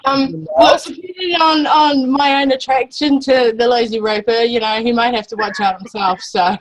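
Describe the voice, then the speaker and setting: A woman's voice: on the high side, steady tone, normal speed, slight background noise, low-quality recording. A woman hosting a casual livestream chat, bantering and laughing easily with her co-hosts over a video call. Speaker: show host.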